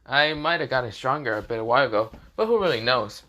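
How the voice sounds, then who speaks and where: Man voicing a cocky young fighter, smug, taunting, higher than his usual voice, bright tone, fan story. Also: animated, fast talker, lo-fi sound. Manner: taunting, casual.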